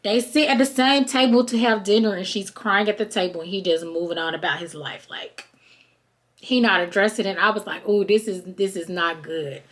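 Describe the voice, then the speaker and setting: A woman's voice: mid-range voice, fairly quick. A woman with hosts a podcast, recapping a reality show in a loose, chatty way. She keeps slipping into the voices of the people she describes. Her voice sits in a middle range. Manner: chatty and animated, acts out quoted people. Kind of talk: casual recap chat.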